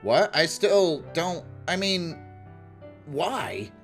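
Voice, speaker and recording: A shy, guarded teenage girl talks bluntly and warily, a little sulky, as a man puts her on. The voice is pushed well up into a high register and moves a lot. Faint music sits behind. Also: big pitch swings, drawn-out words, fairly bright tone, exaggerated voice. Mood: wary. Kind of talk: reading game dialogue aloud with voices.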